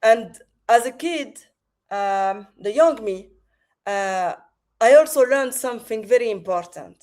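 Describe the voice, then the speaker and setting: A woman with a French accent, a podcast guest speaking over a video call, with many pauses and restarts. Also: a little high, animated, darkish tone. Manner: hesitant, many fillers and restarts. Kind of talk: remote interview.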